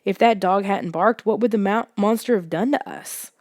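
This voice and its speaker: A woman's voice: mid-range voice, moderate pace, a little mellow, dry recording, clean studio sound, lightly acted. A woman voicing a worried young girl. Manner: worried, pleading questions. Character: anxious young girl, the hero's sister. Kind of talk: audiobook character voice.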